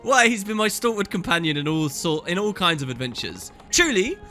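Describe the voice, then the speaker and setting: A prim young noblewoman with a breathy, over-formal manner and a bright, lively lilt, played in falsetto by a man. Every word sounds polished and a little out of breath. Light game music plays faintly beneath her. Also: fairly quick, exaggerated voice.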